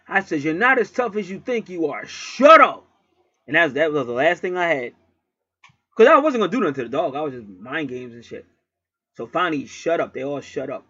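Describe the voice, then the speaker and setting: A man's voice: a little high, fairly bright tone, slightly rough, no echo, dull audio. A man at home telling a rambling story in a casual monologue, swearing freely and repeating himself. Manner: profane, rambling, repetitive. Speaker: channel host.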